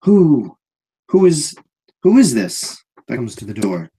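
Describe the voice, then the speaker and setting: A man voicing a large, childlike, zealous man guard who talks in an excited, eager, oddly fervent way in a tabletop role-play. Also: medium pitch, slow pace, slightly rough, pitched above the performer's own voice, exaggerated voice, rough recording. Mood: wary.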